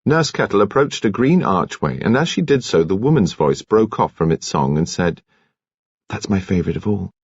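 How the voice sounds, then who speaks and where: Husky, expressive male audiobook narrator. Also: lowish voice, dry recording. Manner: measured, expressive storytelling. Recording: dry, dull audiobook studio recording.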